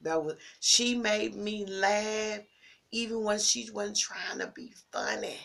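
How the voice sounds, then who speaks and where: A grieving woman giving a heartfelt personal tribute, slow and near tears, repeating her phrases and dropping at times into breathy whispers. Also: medium pitch, animated, fairly bright tone. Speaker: vlogger sharing a personal tribute. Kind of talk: emotional personal monologue.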